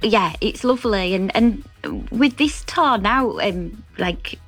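A woman's voice: medium pitch, lively intonation, slow, a bit bright, soft background music. A woman comedian with a Hull accent, chatting in a rambling, self-deprecating way and laughing often during a radio interview. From Hull, England. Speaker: comedian guest.

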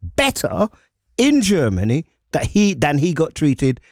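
A man's voice: a little high, measured pace, dry recording. A man hosting a live radio show, talking through stories with lots of lift and drop in his voice. He repeats himself and breaks off mid-sentence. He sits close to the microphone in a dry studio. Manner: animated storytelling, repeats words, interrupts himself. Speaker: radio host.

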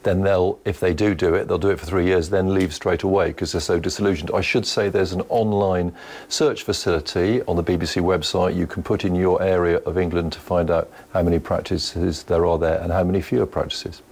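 A male correspondent explains the story steadily. His voice is very deep. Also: fairly even intonation, fairly quick, a little mellow, breathy edge. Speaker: news correspondent. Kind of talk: news interview.

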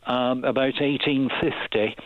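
A man's voice: medium pitch, steady tone, unhurried. A man with a Burnley accent calling in to a radio show, talking hesitantly with many fillers and restarts. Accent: Burnley, Lancashire. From Burnley, northern England. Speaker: caller. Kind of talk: phone-in radio chat. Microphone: telephone. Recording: tinny phone line.

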